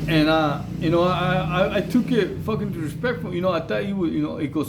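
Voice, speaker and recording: Gravelly man rambling casually. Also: fairly high pitch, brisk, background noise. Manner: rambling, heavy slang, many fillers. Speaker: vlogger telling prison stories. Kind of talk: casual storytelling monologue.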